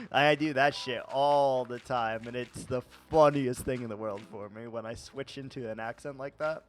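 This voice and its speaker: A man's voice: medium pitch, takes it slowly, pauses often, faint music behind. A man with a Midwestern accent chatting casually on a gaming livestream, profane and rambling, laughing at himself. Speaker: streamer.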